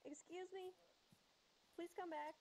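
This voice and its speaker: A woman player speaking politely and gently, coaxing another player in a game. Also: extremely high pitch, fairly even intonation, slow, slight background noise. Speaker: other player. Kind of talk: in-game voice chat.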